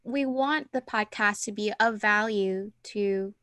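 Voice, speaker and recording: On a dry recording, this woman speaks slowly at a medium pitch while co-hosting a podcast. Her casual chat is animated and talkative, and she thinks out loud as she goes.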